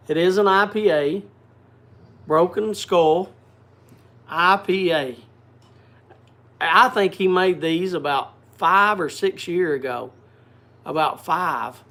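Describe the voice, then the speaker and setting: A man's voice: a little high, slow, pauses often, fairly bright tone. A man hosting a casual livestream, chatting and greeting viewers by name. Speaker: livestream host. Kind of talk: casual chat.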